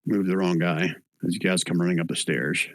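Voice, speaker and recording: A man running a tabletop game online as dungeon master, relaxed and thinking aloud as he rules. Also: sits low, fairly quick, no echo.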